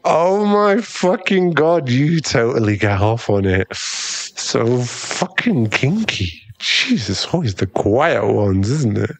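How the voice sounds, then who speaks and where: A cocky young bully played by a man needles and mocks in a whispered role-play, his voice husky and gravelly. He drawls slowly in a lowish register. The sound is close and dry. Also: very animated, dry recording, exaggerated voice. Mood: smug. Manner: smug, mocking, drawling. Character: cocky teasing male bully, young adult. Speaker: ASMR roleplay performer.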